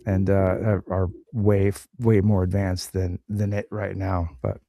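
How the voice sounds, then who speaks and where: A man chats casually, stumbling and restarting his sentences as he goes. His tone is mellow and warm. The recording is dry and close. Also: sits low, level tone, vocal fry, no echo. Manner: halting, full of restarts. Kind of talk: casual chat.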